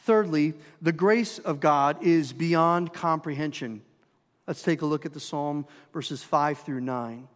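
A pastor with a Minnesotan accent preaches a sermon, his voice on the high side and slow, putting pointed, emphatic questions to the congregation. Long hall reverb surrounds the recording.

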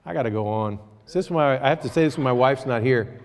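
A man preaching a sermon to his church, talking to the congregation in a conversational way that moves between quiet asides and raised exhortation. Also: mid-range voice, fast, big-room sound. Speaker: pastor.

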